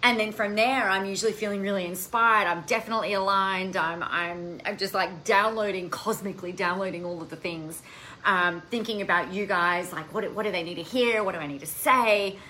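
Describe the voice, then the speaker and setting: A bright-voiced woman hosts a live stream and chats with her viewers in a lively, animated way, swearing casually as she goes. A faint hiss of noise sits behind her voice. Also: medium pitch, brisk, poor audio. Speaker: coaching podcast host.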